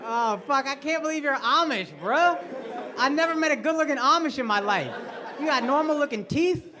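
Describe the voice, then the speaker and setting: A man's voice: very high voice, lively intonation, normal speed, long pauses. A male stand-up comedian doing crowd work on a club stage, brash and profane as he mocks people in the audience. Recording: loud crowd laughter, noisy live club.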